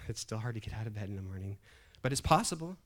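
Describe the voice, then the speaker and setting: Preaching quickly and expressively, a middle-aged male pastor with a fairly low voice keeps his sermon conversational. He frequently restarts phrases as he builds emphasis.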